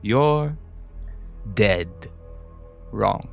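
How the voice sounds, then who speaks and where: A scheming female gecko villain with spidery hands, smug and gloating, as a man puts her on. She speaks slowly and leisurely, her pitch rising and falling widely. It is a tabletop game villain, voiced with a faint music bed behind. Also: very animated, creaky, darkish tone, exaggerated voice.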